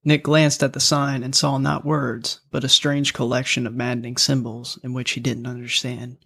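Gravelly male audiobook narrator. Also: mid-range voice, little pitch movement, moderate pace, sharp tone. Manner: casual, profane storytelling.

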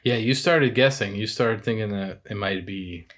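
A man's voice: fairly low pitch, moderate pace, a bit bright. A man co-hosting a podcast in casual chat, adding jokes and swearing casually. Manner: joking banter, swears casually. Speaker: podcast co-host.

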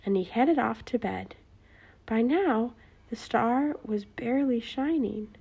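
A woman reading a bedtime story aloud in a hushed, often whispering voice. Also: a little high, slow pace, creaky, breathy edge, dull audio.

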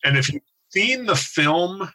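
A man's voice: high-pitched, expressive, slow, bright, forceful tone, rough recording. A man in his forties from the United States, telling a long self-deprecating story in casual podcast chat. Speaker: podcast co-host.

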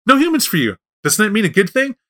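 A man's voice: high-pitched, huge pitch swings, fast, fairly bright tone, pitched above the performer's own voice, heavily acted. A man voicing a sly, boastful male coyote in a spoken folk tale, talking like a pushy salesman. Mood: taunting. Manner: brash, wheedling salesman talk.

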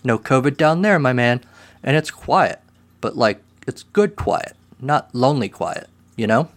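A man reading the lines of a lonely, excitable adult male friend in a short story, swinging between loud excitement and flat quiet. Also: medium pitch, measured pace, natural voice. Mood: giddy. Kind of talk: read-aloud short story dialogue.

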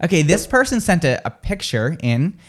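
Guy hosting morning radio in a studio, super lively voice up and down, keeps laughing at texts. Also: a little high, moderate pace. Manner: animated, laughs while reading texts aloud. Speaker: radio show host.

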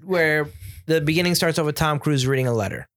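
A man's voice: a little high, a little fast, fairly bright tone, no room sound, clean studio sound. An American man co-hosting a casual chat, giving opinionated, rambling takes with many restarts. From United States. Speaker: podcast co-host. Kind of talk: casual chat about video games.

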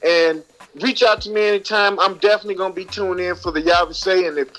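A man's voice: high voice, steady tone, fast, a bit bright, rough recording. An American man, a musician calling in as a guest, chatting casually and gratefully, often tagging sentences with "man". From United States. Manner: laid-back, thankful, peppers talk with "man". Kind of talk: casual phone-in chat.

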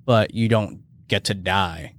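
Male podcast co-host, low voice, loose rambling casual chat, swears freely. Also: slow pace, fairly bright tone. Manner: rambling, heavy use of "like" and swearing.

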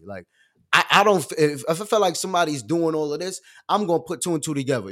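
A young man hosting a live stream, ranting with heavy slang and swinging from loud bursts to low asides. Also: animated, quick pace. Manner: profane, streetwise slang. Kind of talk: animated rant on a live stream.

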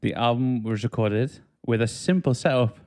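A man's voice: medium pitch, normal speed, a little mellow, clear, resonant tone. A man hosting a casual podcast chat, reading album facts aloud and laughing at clumsy wording. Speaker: podcast host.

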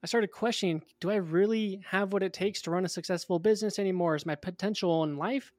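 A young man in his twenties, a guest in an interview, telling a personal story in a casual, animated way. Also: high voice, quick pace, dry recording, clean studio sound.

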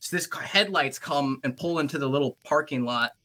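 A man's voice: a little high, a little fast, pushed and bright. A man, a paranormal investigator, telling stories in casual chat, swearing freely and saying "dude" a lot. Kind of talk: casual storytelling.

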